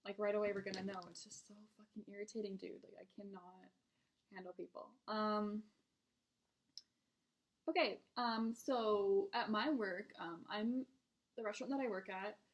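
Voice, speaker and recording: A woman's voice: mid-range voice, steady tone, moderate pace. A young adult woman, a restaurant server, telling casual stories about her customers in a blunt, exasperated way with plenty of swearing. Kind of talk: casual venting storytime.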